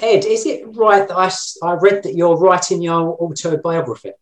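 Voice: medium pitch, normal speed. An interviewer puts short, plain questions to a guest and reads out a listener's question, with the voice set in a roomy, echoing space and heard from a little way off the mic.

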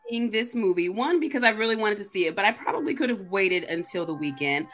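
A woman co-hosting a casual chat, telling stories in a lively way with playful mock grievance. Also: mid-range voice, fast, soft background music. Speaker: co-host.

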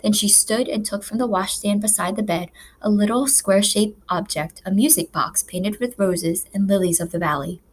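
A woman reading a children's novel aloud as a narrator, with measured, expressive storytelling. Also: medium pitch, slightly rough. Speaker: audiobook narrator. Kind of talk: scripted narration.

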